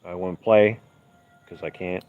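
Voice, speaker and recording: Easygoing male livestream host, very low voice, rambling chat answering viewers, dull phone audio. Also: fairly even intonation, measured pace. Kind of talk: casual live-stream chat, reading viewer comments. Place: outdoors at night on gravel.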